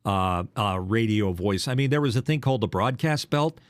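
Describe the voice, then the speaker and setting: A man's voice: fairly low pitch, expressive, normal speed, no echo, studio quality. An older man, a former radio DJ, co-hosting a casual podcast chat, teasing and telling stories with a trained broadcast delivery.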